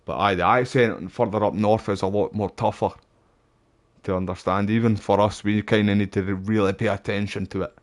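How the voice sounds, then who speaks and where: A Scottish man chatting on a game stream in a relaxed, rambling way, with words like "wee" and "aye" slipping in. His voice sits fairly low. He talks as if to a friend. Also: brisk. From Scotland. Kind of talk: casual live-stream chat.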